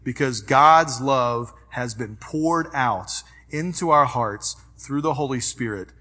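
A male pastor preaching a sermon, swinging from loud urging to quiet reflection, with personal stories woven in. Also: medium pitch, takes it slowly. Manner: personal storytelling within preaching.

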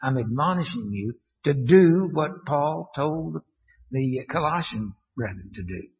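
A man preaching a sermon to a congregation, halting and full of fillers and restarts, often putting questions to his listeners. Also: mid-range voice, expressive. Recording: tinny, echoey church recording.

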